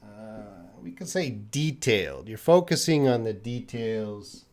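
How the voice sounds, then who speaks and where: A man from Canada teaching English on a live stream, answering viewers' chat questions patiently and slowly with many pauses. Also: on the low side, animated, a little mellow. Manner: slow, patient, repeats student names and pauses with uh; drinks tea while talking to the camera.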